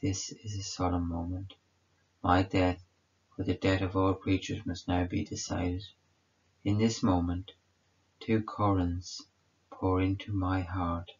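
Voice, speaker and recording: A man voicing a suffering man of sorrows who speaks tenderly in a hushed, solemn and measured way. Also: sits low, little pitch movement, breathy edge, heavily acted. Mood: sorrowful. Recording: dull lo-fi recording.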